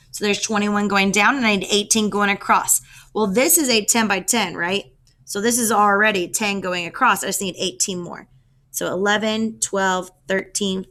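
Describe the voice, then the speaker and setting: A woman teacher talks through a math problem one step at a time and counts aloud as she goes. Her voice is bright and clear, and her tone stays patient and explanatory. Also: mid-range voice. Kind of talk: math lesson walkthrough.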